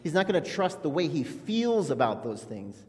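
A man's voice: fairly high pitch, big pitch swings, moderate pace. A man preaching an earnest, conversational sermon as a pastor, with frequent restarts. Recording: long hall reverb.

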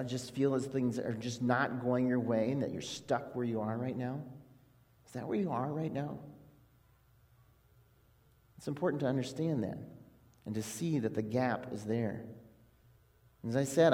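A man's voice: mid-range voice, a little mellow. Pastor guy preaching casual and earnest, echoey big church hall. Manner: earnest, conversational preaching with restarts. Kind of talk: sermon. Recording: long hall reverb.

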